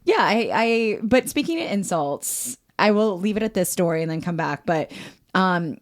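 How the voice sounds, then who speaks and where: Woman guest on a chatty podcast; lively, laughing storyteller who restarts her sentences. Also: medium pitch, normal speed. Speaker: psychologist guest. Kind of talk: casual podcast chat.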